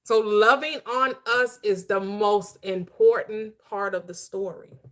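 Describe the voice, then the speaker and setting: A woman's voice: medium pitch, fairly even intonation, slow pace. A woman hosting a motivational talk, preaching in emphatic, repeated phrases with a lilt. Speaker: host, manifestation coach. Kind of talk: motivational talk show chat.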